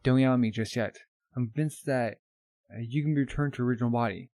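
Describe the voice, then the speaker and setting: A man's voice: medium pitch, a little mellow, no echo, lightly acted. A man reading as a blunt hot-headed teen alchemist. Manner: blunt, quick-tempered.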